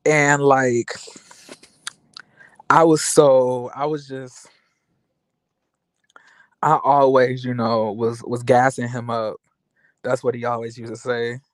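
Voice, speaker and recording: A man's voice: mid-range voice, level tone, slow, pauses often, no echo. A young man vlogging, telling a personal story in a rambling, candid way with many fillers. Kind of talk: casual venting monologue.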